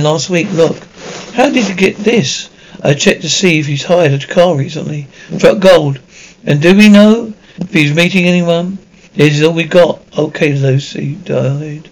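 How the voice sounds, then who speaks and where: A clipped police detective. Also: male voice, a little high, low-quality recording. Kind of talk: TV crime drama dialogue.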